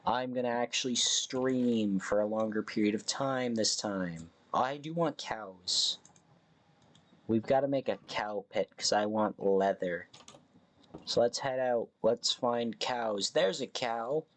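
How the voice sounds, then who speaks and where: Slow, rambling male game streamer. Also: fairly low pitch. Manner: rambling, self-correcting. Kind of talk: casual live game commentary.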